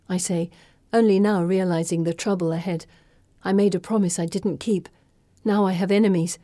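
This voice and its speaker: A woman narrating a first-person audiobook in a steady, intimate storytelling manner. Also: on the low side, normal speed, dry recording, studio quality.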